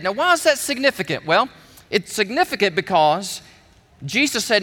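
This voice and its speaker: A man preaching a sermon, telling the story with animated emphasis while showing objects. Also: high voice, moderate pace, long reverb tail.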